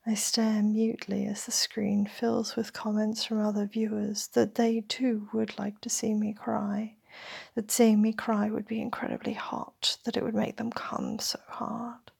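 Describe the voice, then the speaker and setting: Breathy, slow whispering woman storyteller. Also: medium pitch, level tone, darkish tone. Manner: slow, intimate first-person narration. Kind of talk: whispered role-play.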